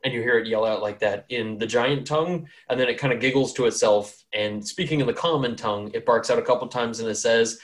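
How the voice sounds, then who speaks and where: A man's voice: mid-range voice, a little fast, hardly any pauses. A man hosting a tabletop game podcast, narrating casually with many fillers and frequent laughter. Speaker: game master and podcast host.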